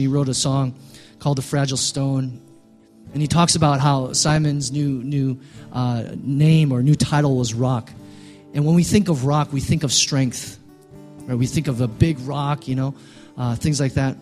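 A male pastor preaching a sermon, building to loud, emphatic peaks and dropping quiet again. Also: medium pitch.

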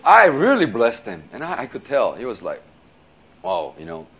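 A male pastor preaching in a casual, storytelling way, laughing often and filling his talk with "you know" and quick restarts. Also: mid-range voice, wildly swooping pitch, fairly bright tone. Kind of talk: sermon storytelling.

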